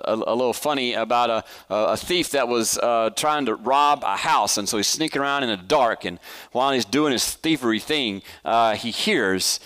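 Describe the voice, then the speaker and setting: A man's voice: mid-range voice, a bit bright, clear, resonant tone. Enthusiastic male pastor teaching scripture. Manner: conversational, asks the congregation questions; enthusiastic with restarts and fillers. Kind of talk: church Bible study teaching.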